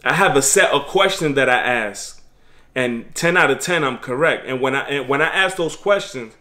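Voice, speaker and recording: A man's voice: mid-range voice, lively intonation, normal speed, sharp tone. A man giving preachy, streetwise life advice in a casual motivational monologue.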